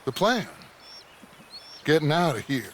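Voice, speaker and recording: An actor playing a scheming outlaw gang boss giving orders in a game cutscene. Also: male voice, a little high, very animated, a little slow, a bit bright, slight background noise. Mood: commanding. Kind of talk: game voice acting.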